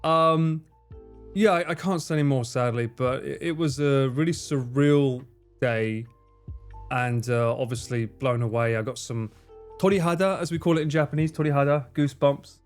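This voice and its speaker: Over gentle background music, a livestream host with a medium-pitched voice talks at a moderate pace. He casually reads viewer messages aloud, swearing a lot and cracking jokes at his own expense.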